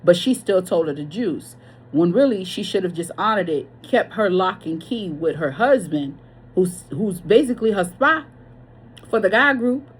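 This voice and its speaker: This tarot reader's voice is mid-range with a breathy edge. She gives a casual, chatty, blunt reading, swearing freely and drifting off on tangents.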